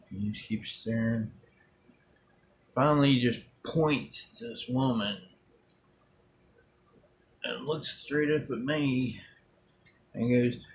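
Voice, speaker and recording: This vlogger, a middle-aged man with a Southern American accent and a medium-pitched voice, takes his time and pauses often while rambling through a personal story. He keeps it casual and folksy, acting out quotes, with slight background noise.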